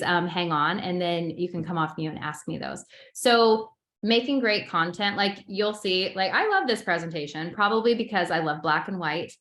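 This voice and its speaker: An excitable woman coaches her webinar audience in a quick, chatty way. Her voice sits at an ordinary middle pitch. The room around her sounds echoey. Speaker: social media coach. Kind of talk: webinar presentation.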